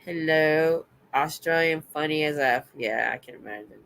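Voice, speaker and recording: A woman with a stuffy nose, hosting a casual late-night livestream, chatting loudly, laughing often and reading out comments. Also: low voice, normal speed, slight background noise. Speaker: livestream host. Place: home.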